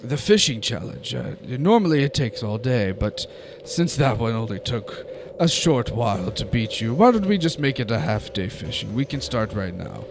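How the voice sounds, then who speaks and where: A man voicing a smug, scheming male giant jarl who speaks slowly and with false graciousness, over background music. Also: medium pitch, sing-song, creaky, noisy background, voice pushed down.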